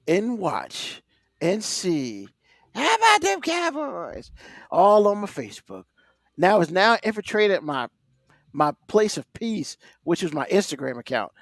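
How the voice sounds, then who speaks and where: A man's voice: fairly high pitch, sing-song, takes it slowly, dry recording, studio quality. A man co-hosting a casual sports podcast, ranting animatedly and swearing freely. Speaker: podcast co-host.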